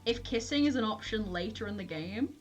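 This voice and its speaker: A woman's voice: mid-range voice, lively intonation, fairly quick, soft background music. A young woman streamer chatting casually and self-deprecatingly while she plays a detective game, often giggling. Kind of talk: casual gameplay commentary.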